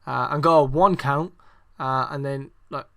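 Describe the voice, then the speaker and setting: A gravelly, slightly bright mid-range voice with fairly even intonation comes from a young podcast host speaking a little slowly. In casual wrestling review talk, he rambles, swears, ums constantly, and sounds sarcastic and exasperated.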